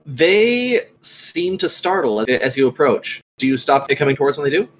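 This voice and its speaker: A man's voice: a little high, sing-song, low-quality recording. Man narrating as game master. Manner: measured descriptive narration.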